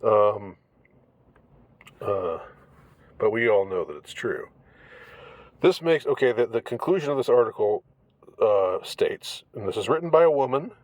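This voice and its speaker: Man, low-pitched, casual commentary, rambling, halting, wry, dry sound. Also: animated, no room sound. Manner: rambling, halting, many restarts.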